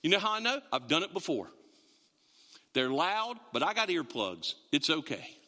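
A man's voice: fairly high pitch, big pitch swings, moderate pace, pushed and bright, big-room sound. A man preaching a sermon in a conversational, joking way, with emphatic bursts when he drives a point home. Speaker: pastor. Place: church sanctuary.

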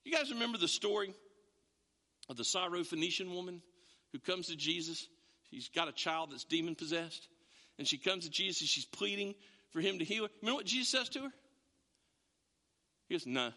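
A man preaching a sermon as a pastor, in an animated, conversational way with frequent restarts. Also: high voice, a little fast, pauses often, big-room sound.

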